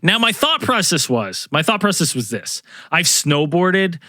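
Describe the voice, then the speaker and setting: A man's voice: fairly high pitch, big pitch swings, measured pace, pushed and bright, dry recording, clean studio sound. A middle-aged man, a podcast host, telling a rambling story to co-hosts with many fillers and restarts. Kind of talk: casual storytelling among co-hosts.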